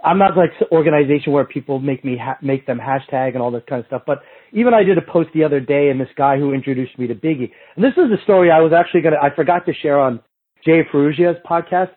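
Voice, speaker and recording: A middle-aged man guesting on a podcast, his voice a little high and husky. He tells rambling anecdotes, restarts often, and drops into other people's voices for quotes. The sound comes through a thin, phone-like remote line. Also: fast talker. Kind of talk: casual storytelling chat.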